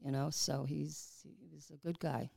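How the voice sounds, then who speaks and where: A woman's voice: sits low, steady tone, moderate pace, gravelly, warm tone. A woman talking casually in an interview, reminiscing with lots of "you know" fillers. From New York. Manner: chatty, many fillers like "you know", laughs often. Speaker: executive assistant at a racetrack, interviewee.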